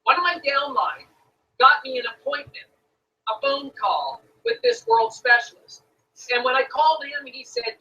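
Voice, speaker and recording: A man's voice: very high-pitched, expressive, normal speed, pushed and bright, recorded from a distance. A man with a Canadian accent, enthusiastically telling a sales story to a room as guest speaker, heard over a phone line. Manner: enthusiastic storyteller, addresses "folks".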